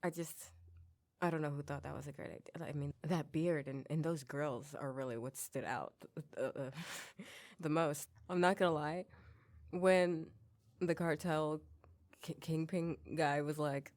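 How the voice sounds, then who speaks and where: A woman's voice: low voice, steady tone, a little slow, a little mellow. A young adult woman hosting her own podcast, giving a casual, joking commentary and laughing at herself often. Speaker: podcast host.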